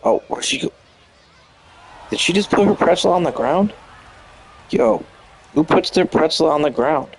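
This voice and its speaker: A man's voice: on the high side, animated, moderate pace, long pauses, slight background noise, poor audio. A young man chatting casually and profanely while playing a video game, riffing in disbelief. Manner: loose, profane, incredulous riffing. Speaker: gamer commentating on a video game. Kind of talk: casual chat over gameplay.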